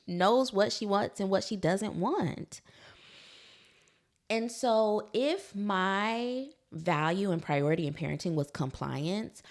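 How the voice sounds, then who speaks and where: A woman, hosting a solo parenting podcast in a conversational way, laughing easily and talking to her listeners directly. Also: mid-range voice. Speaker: podcast host, psychologist.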